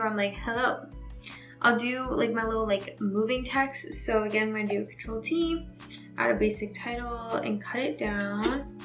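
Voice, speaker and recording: Young woman, casual tutorial talk, upbeat and chatty, slightly high voice, echoey room. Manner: chatty, upbeat, uses "like" often. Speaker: video editing tutor. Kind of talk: casual screen-recorded tutorial.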